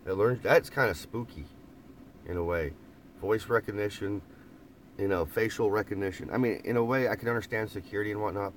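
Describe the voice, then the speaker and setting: A man's voice: on the low side, brisk. Easygoing man in a van, chatting live to viewers, repeats himself and laughs a lot, light background hum. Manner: rambling, laughs often, repeats phrases. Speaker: vlogger reading live chat. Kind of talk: casual live-stream chat. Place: inside a parked camper van.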